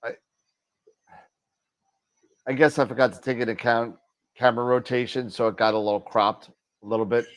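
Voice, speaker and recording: A man's voice: medium pitch, fairly even intonation, brisk, long pauses. A man hosting a casual astronomy gear chat, rambling with many restarts and jokes. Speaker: show host, telescope dealer.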